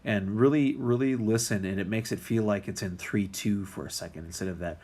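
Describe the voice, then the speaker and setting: A man's voice: lowish voice, brisk, few pauses, darkish tone, a little hiss or hum. A man teaching music theory in a recorded lecture, talking casually with many ums and restarts.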